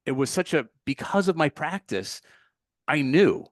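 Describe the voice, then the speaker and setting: A man's voice: a little high, expressive, unhurried, dry recording, clean studio sound. A man, a meditation teacher, answering as a podcast guest in an earnest, heartfelt way, with fillers and restarts. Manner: earnest, heartfelt, with filler words and self-corrections. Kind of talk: casual storytelling in an interview.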